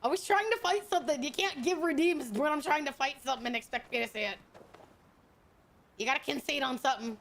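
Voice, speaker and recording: A young woman streaming a game, chatting casually with crude, teasing humor and loud bursts of laughter. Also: high-pitched, fast talker.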